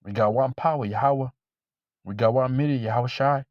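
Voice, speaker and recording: A man preaching informally to camera, blunt and profane, repeating himself and reading scripture slowly. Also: medium pitch, no room sound, highs cut off. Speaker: religious teacher.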